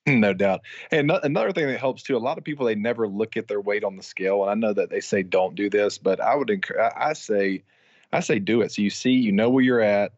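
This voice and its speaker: A man co-hosting a casual sports podcast who gives quick, matter-of-fact advice. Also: lowish voice, dry recording. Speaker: podcast co-host. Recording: dry, dull lo-fi audio.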